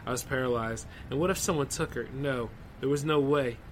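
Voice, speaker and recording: A man's voice: mid-range voice, brisk, slight background noise, poor audio. A man hosting a podcast, reading a horror story aloud and breaking off for loose, chatty asides. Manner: loose, conversational asides full of 'like' and 'man'. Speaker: podcast host. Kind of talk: reading horror stories aloud with casual commentary.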